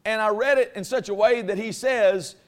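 A man's voice: sits high, moderate pace. A man preaching a sermon to a congregation in a folksy, conversational way that builds in force. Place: church before a congregation.

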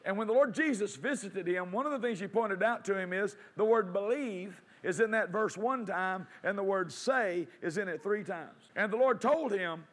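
High-voiced man preaching a sermon. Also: normal speed, hardly any pauses, a bit bright. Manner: preaching with rising emphasis, quoting scripture; asks and answers his own questions.

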